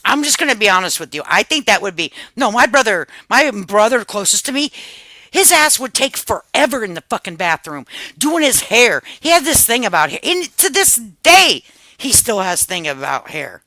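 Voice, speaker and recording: A woman's voice: fairly high pitch, sing-song, moderate pace, bright, forceful tone, no echo, low-quality recording. A woman in her fifties chatting casually on a livestream, telling family stories with a lot of cursing and laughter. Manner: profane, laughing storyteller. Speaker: livestream host.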